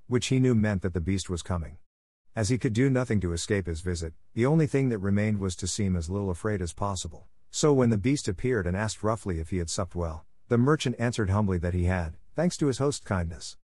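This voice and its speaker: A man reading a classic fairy tale aloud as narrator, in a calm and even storytelling manner. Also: fairly low pitch, no room sound, clean studio sound.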